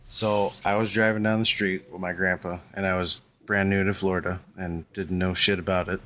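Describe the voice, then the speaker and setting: A man's voice: deep voice, little pitch movement, moderate pace, a bit bright. A man telling a casual anecdote, laid-back and full of swearing. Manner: profane, laid-back storyteller.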